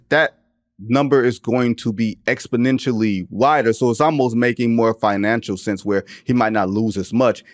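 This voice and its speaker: A man's voice: mid-range voice, no room sound, studio quality. A man in his forties hosting a casual sports podcast, emphatic and joking, slipping into slang.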